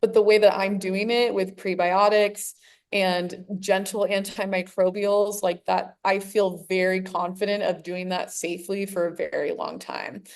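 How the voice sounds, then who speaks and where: A woman's voice: medium pitch, fairly even intonation, unhurried, vocal fry. An American woman, a clinician, explaining her approach in an interview over a video call, with eager, detailed asides. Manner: enthusiastic, explanatory, nerdy asides. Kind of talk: conversational expert explanation.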